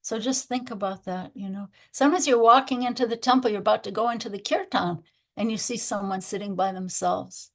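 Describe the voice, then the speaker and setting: A woman giving an informal spiritual talk at a temple, telling stories in a gentle, reflective way. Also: medium pitch, brisk. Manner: gentle, reflective storytelling with soft laughs. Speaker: spiritual teacher.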